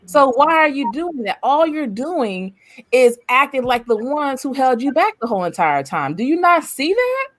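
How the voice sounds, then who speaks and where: A woman's voice: high voice, big pitch swings, moderate pace, fairly bright tone. A woman on a podcast panel, talking emphatically and passionately, hammering home repeated rhetorical questions. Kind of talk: casual discussion.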